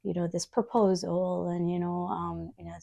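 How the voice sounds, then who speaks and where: A woman's voice: on the low side, little pitch movement, normal speed, gravelly, mellow, lo-fi sound. A young woman chatting casually as a podcast co-host, curious and asking probing questions. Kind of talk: casual conversation.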